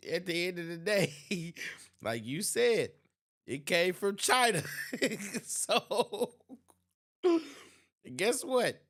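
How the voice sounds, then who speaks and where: A man's voice: a little high, fairly bright tone. A man hosting his channel, giving casual reaction commentary and laughing often between remarks. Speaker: channel host.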